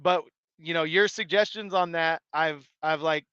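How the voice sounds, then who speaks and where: Bright, crisp-voiced man chatting on a stream. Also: on the high side, fairly even intonation, normal speed, dry recording, highs cut off. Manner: rambling, many restarts and fillers. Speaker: live stream host reading chat. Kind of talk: casual chat.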